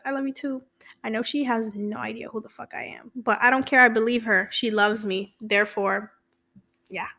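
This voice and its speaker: A woman's voice: on the high side, a bit bright. A young woman hosting her own podcast, chatting candidly and casually, with frequent swearing. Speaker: podcast host. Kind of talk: casual solo podcast chat.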